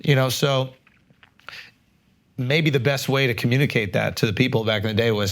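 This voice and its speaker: Gravelly laid-back male podcast host. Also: mid-range voice, steady tone, moderate pace. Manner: laid-back, musing, swears casually. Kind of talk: casual chat.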